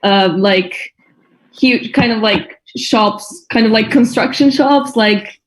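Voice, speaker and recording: Young woman, casual chat, a little high voice, says like a lot. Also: slow, rough recording. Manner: casual, many fillers. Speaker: audience member.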